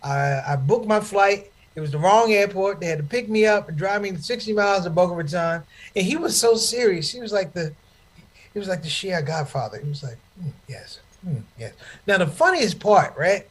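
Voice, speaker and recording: A man doing stand-up comedy storytelling. He is animated and addresses the crowd in a preachy way. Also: high-pitched, a little fast.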